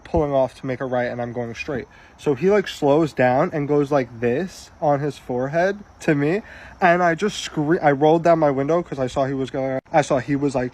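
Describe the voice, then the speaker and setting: Guy bragging thru a storytime, kinda high voice, excited. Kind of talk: storytime video.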